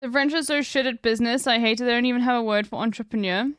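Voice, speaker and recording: A woman's voice: fairly high pitch, fast, smooth, dry recording, studio quality. A woman streamer chatting casually, blunt and laughing, swearing freely.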